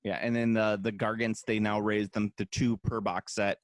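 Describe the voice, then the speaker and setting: A man's voice: fairly low pitch, little pitch movement, normal speed, no echo. An American man co-hosting a podcast, a little drunk, rambling in casual chat with many restarts and laughs. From United States. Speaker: podcast co-host.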